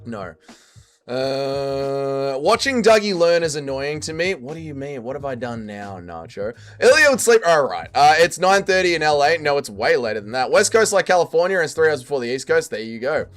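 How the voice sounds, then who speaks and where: A young man casually chatting on a livestream and reading viewer comments aloud, jumping between loud quips and low mutters. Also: very animated, moderate pace, faint music behind. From Australia. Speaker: streamer reading chat.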